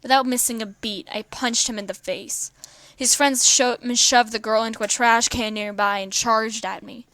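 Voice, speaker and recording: A woman's voice: fairly high pitch, steady tone, moderate pace, fairly bright tone, no room sound. A woman reading a fan story aloud, often tripping over words and correcting herself. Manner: stumbling, often correcting herself mid-word. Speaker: fan fiction reader.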